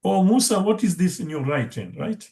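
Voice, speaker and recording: Halting male teacher, higher voice. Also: sing-song, darkish tone. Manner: halting, checks in with rising "right?" and "no?"; chants verses quickly at a raised pitch. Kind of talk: online class lesson.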